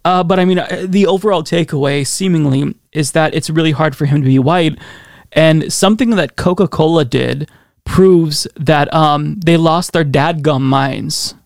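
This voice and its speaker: A man's voice: a little high, moderate pace, vocal fry, darkish tone, no room sound. A man hosting a podcast, reading out song lyrics with sarcastic, dry, mocking asides. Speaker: podcast host.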